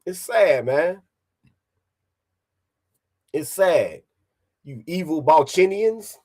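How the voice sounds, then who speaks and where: A man's voice: a little high, sing-song, drawn-out words, a little mellow. A man streaming online, ranting casually in a profane, confrontational way and repeating his points.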